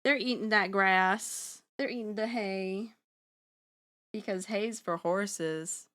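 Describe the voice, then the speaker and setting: A woman's voice: medium pitch, slow, pushed and bright. A young woman streaming from home, chatting casually and rambling with playful slang while she draws. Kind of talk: casual livestream chat while drawing.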